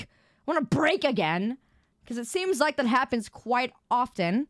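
A woman streamer chatting casually with her viewers, loud and expressive, quick to protest and tease. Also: medium pitch, dry recording, studio quality.

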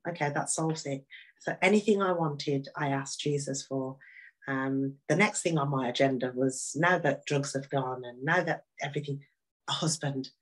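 Interview guest: woman, low voice, candid and animated testimony. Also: moderate pace, poor audio. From Birmingham, England. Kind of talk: personal faith testimony.

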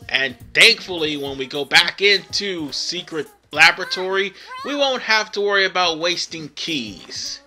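Guy narrating his game playthrough, really bright sharp voice, rambles and corrects himself a lot. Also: fairly high pitch, measured pace, soft background music. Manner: rambling, self-correcting, with fillers. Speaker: let's play host. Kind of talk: casual gameplay commentary.

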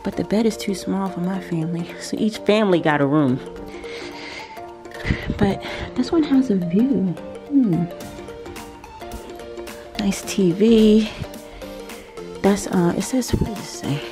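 A woman's voice: mid-range voice, slow pace, long pauses. A woman vlogger giving a casual house tour, chatting and laughing often as she thinks aloud. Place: indoors in a large vacation house, later on a deck. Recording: background music under the voice.

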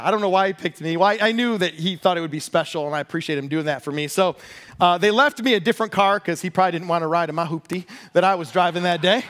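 A pastor preaching a sermon, telling a personal story with lively, self-deprecating humor. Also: male voice, high voice, quick pace.

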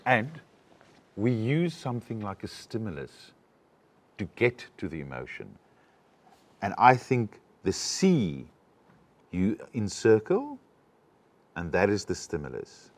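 Deep-voiced, animated male acting coach. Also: takes it slowly, pauses often. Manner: explains with demonstrations, animated. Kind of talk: coaching a student.

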